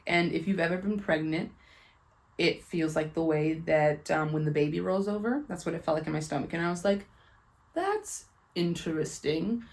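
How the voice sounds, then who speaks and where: A young woman with a low, deep-set voice tells a personal testimony straight to camera. She talks in a chatty, candid way, with lots of "like" and "um." She stays earnest and emotional, as if holding back tears. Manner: chatty and candid, heavy use of "like" and "um". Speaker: faith and book vlogger.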